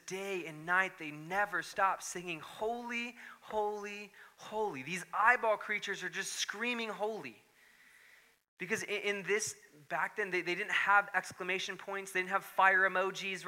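Bright-voiced man preaching conversationally. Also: on the high side. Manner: conversational and playful, builds to excited emphasis. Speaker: pastor. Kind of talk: sermon.

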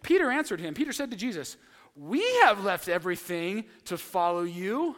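A man preaching a sermon, telling a story with lively acted-out quotes. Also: high-pitched, moderate pace, in a large hall. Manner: animated storytelling, acting out quotes. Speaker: pastor.

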